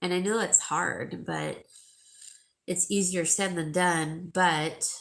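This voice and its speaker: A woman's voice: lowish voice, fairly even intonation, slow, vocal fry, fairly bright tone. A middle-aged woman hosting a live jewelry sale, chatting emotionally with viewers and calling them by name. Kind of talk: casual chat with viewers.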